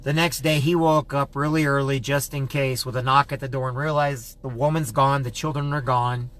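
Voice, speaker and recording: A man's voice: mid-range voice, fairly even intonation, normal speed, a bit bright. A man vlogging, telling a story and reflecting earnestly in a conversational way, often repeating himself.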